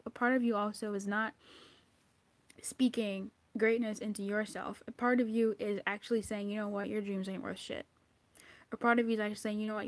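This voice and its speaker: A woman's voice: mid-range voice, no echo. A woman giving an intuitive tarot card reading, blunt and profane, scolding the listener with exasperation. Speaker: tarot reader.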